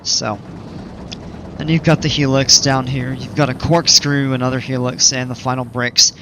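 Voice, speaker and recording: A man's voice: mid-range voice, little pitch movement, normal speed, bright, forceful tone, a little hiss or hum. A man casually commenting on a game during a live stream, chatting with viewers in an easygoing, rambling way.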